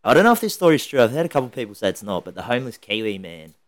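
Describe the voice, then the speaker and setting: A man's voice: mid-range voice, sing-song, rapid-fire. Chatty Australian man leading the talk. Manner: chatty, laughs often, leads topics. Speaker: podcast host. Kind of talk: casual chat.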